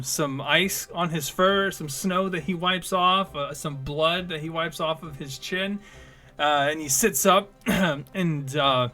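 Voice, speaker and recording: A man's voice: on the high side, bright, forceful tone. A man narrating a tabletop game as game master, casual and peppered with swearing and fillers.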